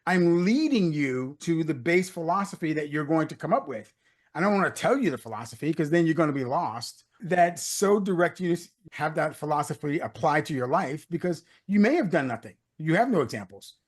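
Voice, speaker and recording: A man who is a guest on an interview podcast, telling leadership anecdotes in a lively storytelling way. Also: on the high side, a little fast. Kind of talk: conversational interview.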